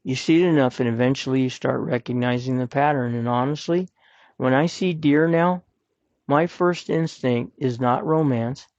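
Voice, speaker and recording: A man's voice: mid-range voice, moderate pace, darkish tone, no echo, highs cut off. A man hosting a podcast, giving earnest, plain-spoken advice and repeating his points for emphasis. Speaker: podcast host. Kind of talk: personal advice talk.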